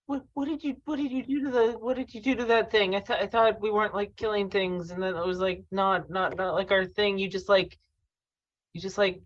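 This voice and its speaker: A woman's voice: mid-range voice, fairly even intonation, fairly quick, dull audio, natural voice. A woman voicing a flustered young female student who stammers in bewilderment. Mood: bewildered.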